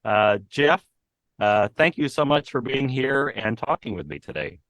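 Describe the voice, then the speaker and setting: A man of middle pitch runs a podcast interview, asking questions in a friendly, chatty way with plenty of fillers. His voice is close and dry, with no echo. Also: measured pace, a bit bright. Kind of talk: casual interview.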